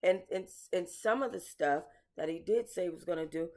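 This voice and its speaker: Speaking fairly quickly in a fairly low, darkish voice, a female commentary host addresses her viewers. Her casual talk is blunt, emotional, full of swearing, and she calls them y'all.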